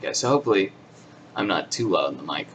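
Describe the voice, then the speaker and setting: Man, gamer, casual commentary, hesitant and rambling, lower voice, distant mic, background noise. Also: expressive, fast. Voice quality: rambling, hesitant, many fillers. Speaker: gamer playing a video game.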